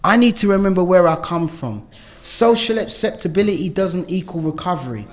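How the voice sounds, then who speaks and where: A man's voice: high-pitched, expressive, brisk. A man speaking at a recovery meeting, telling a personal share and a story, earnest and full of "you know" and "yeah?" asides.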